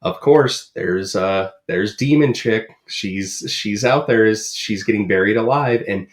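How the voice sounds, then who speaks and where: A man's voice: on the low side, a little slow. A man co-hosting a podcast in casual chat, rambling with many ums and uhs. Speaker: podcast co-host.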